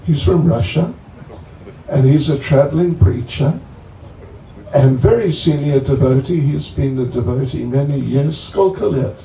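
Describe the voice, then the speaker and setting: Slow, gravelly-voiced man, joking. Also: medium pitch, dark tone. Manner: joking, chatty, slow and rambling. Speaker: swami introducing a guest. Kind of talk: informal talk to devotees. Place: bonfire gathering. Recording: echoey, distant, faint ambient noise.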